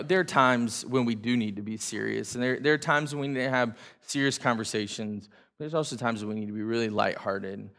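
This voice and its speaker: Speaking to his congregation in an echoing hall, a man leads a church gathering with casual, self-deprecating jokes. His mid-range voice is pushed and bright, full of fillers and restarts.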